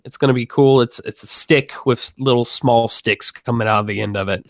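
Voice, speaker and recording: A man's voice: medium pitch, steady tone, brisk, no echo. Joking male podcast co-host. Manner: joking, punning. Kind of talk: casual chat.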